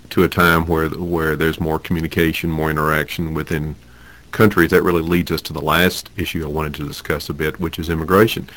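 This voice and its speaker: Deep-voiced male host, measured and thoughtful. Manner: measured, reflective questioning. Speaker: interviewer. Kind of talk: interview questions.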